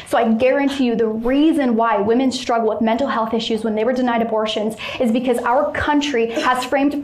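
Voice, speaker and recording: Fast insistent woman arguing in a debate. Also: a little high, a little mellow, echoey room. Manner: insistent, rhetorical, speechlike. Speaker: anti-abortion activist in a debate. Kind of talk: heated debate argument.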